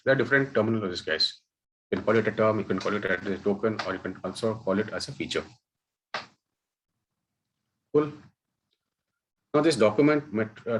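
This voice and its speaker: This low-quality webinar recording, with a little hiss or hum, features a man whose voice is on the low side. He's a data science instructor explaining terms one step at a time, often pausing to check in with "okay" and "guys."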